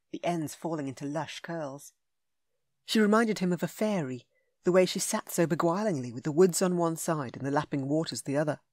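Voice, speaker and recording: A woman narrating a romance audiobook in a smooth, measured, intimate way. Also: sits low, darkish tone, no echo, studio quality. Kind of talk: scripted narration.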